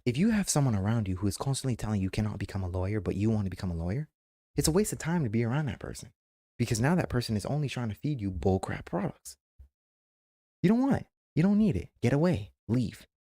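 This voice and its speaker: A man's voice: fairly low pitch, sing-song, quick pace, mellow. A man streamer giving casual, emphatic advice, repeating himself and acting out quoted remarks. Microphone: webcam mic.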